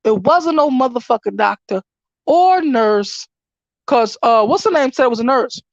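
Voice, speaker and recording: A woman vlogs in a raw, ranting commentary, her high voice swinging from loud, cursing outbursts to low mutters. The sound is close and dry, with a dull, lo-fi edge. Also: lively intonation, moderate pace, dry recording. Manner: emotional, ranting, profane, swings between shouting and muttering. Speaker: vlogger. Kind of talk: angry commentary vlog.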